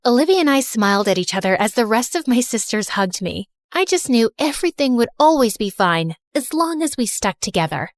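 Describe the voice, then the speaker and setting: Happy teen girl narrating, kinda high voice, close dry sound, cartoon story. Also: big pitch swings, fairly quick, hardly any pauses, no room sound. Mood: cheerful. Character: cheerful teenage girl narrator, one of many sisters.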